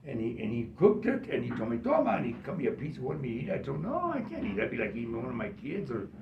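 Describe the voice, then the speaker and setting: A man telling family stories in an animated way, laughing and acting out what others said. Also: mid-range voice, quick pace. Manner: animated, laughing, acts out quotes. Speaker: storyteller. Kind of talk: family storytelling. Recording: far, echoey, muffled and noisy.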